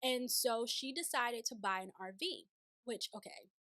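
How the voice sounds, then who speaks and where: Lively lady talking through a tv recap, kinda high voice, super dry close mic. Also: a little slow, dry recording. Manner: chatty, animated, paraphrases in playful voices. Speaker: show recap host. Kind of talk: casual recap commentary. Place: city home, sirens outside.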